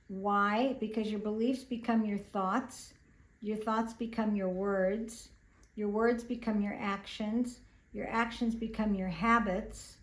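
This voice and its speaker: An older woman speaks as the host of a self-help channel, with a mid-pitched voice. She tells stories earnestly and reflectively, pausing on small fillers, and her voice carries a roomy echo. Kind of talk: casual self-help talk.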